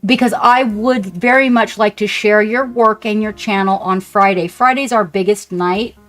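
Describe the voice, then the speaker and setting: A woman streamer chatting casually and warmly with her viewers, gushing and rambling as she paints. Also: mid-range voice. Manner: chatty, effusive, talks to chat. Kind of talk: casual live-stream chat.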